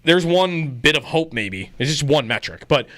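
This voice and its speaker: A man co-hosts a sports talk show, his voice bright and forceful. He trades stats and playful jabs in loose, stubborn banter. The studio mic is dry and close. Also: on the high side, expressive, normal speed, no room sound. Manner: stat-heavy, joking, playfully stubborn. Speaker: sports radio co-host. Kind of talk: casual sports radio banter. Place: radio studio. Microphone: studio microphone.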